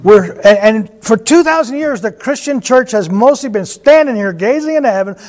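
A man teaching the Bible in a conversational way, animated and chuckling as he retells stories. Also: very high voice, normal speed.

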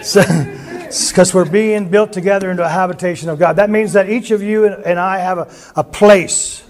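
A man's voice: high-pitched, fairly even intonation, moderate pace, darkish tone, faint music behind. A man preaching a sermon through rambling anecdotes, with frequent restarts. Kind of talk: sermon storytelling.

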